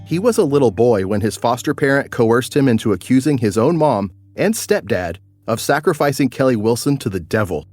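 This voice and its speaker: A man hosting a podcast, delivering scripted narration in a measured storytelling manner. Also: medium pitch, lively intonation, darkish tone, dry recording, faint music behind.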